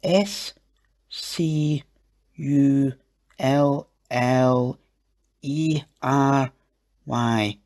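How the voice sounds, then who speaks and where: A man voicing a timid, curious young scullery girl in a raised, hushed, nervous voice. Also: a little high, quick pace, breathy edge, voice pushed up. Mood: spelling carefully.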